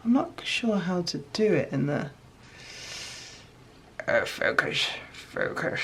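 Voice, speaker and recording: A woman chatting casually as she shows her homemade crafts, excitable and self-mocking. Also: on the low side, slow, pauses often, a little hiss or hum. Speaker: crafting vlogger. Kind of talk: casual craft chat to camera.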